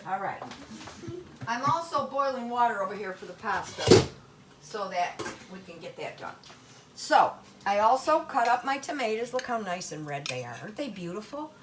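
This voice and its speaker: A woman's voice: mid-range voice, sing-song, normal speed, background noise. An older woman hosting a home cooking demonstration in her kitchen, talking in a chatty, folksy Italian-American grandmother way.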